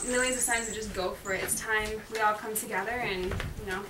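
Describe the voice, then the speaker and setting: A woman's voice: medium pitch, fairly even intonation, a little fast. A woman guest in a casual interview, earnest and laughing often, with many fillers. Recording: echoey, distant, loud noise.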